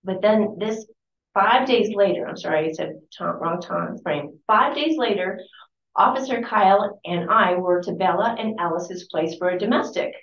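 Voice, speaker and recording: A woman's voice: lowish voice, normal speed, few pauses. A woman giving a book talk at a library, reading aloud from a memoir with chatty asides and correcting herself as she goes. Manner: conversational, corrects herself mid-sentence. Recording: distant, roomy and dull-sounding.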